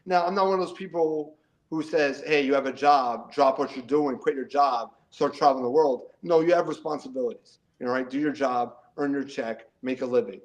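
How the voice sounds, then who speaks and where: Talking fairly quickly in a medium pitch, a middle-aged man from the New Jersey–New York region chats as an interview guest over poor audio. He's upbeat and informal, with lots of laughter and repeated words.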